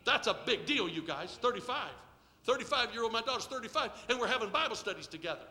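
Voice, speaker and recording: A middle-aged man preaching in a church with a very high, piercingly bright voice. He leads call-and-response and swings from near-whispered asides to shouted bursts. A long reverb trails his words through the sanctuary. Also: lively intonation, fast. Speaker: pastor. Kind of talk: sermon.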